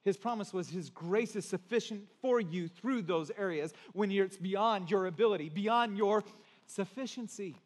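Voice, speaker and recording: A man preaching a sermon as pastor, earnest, moving between hushed and emphatic passages. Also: high-pitched, moderate pace, big-room sound.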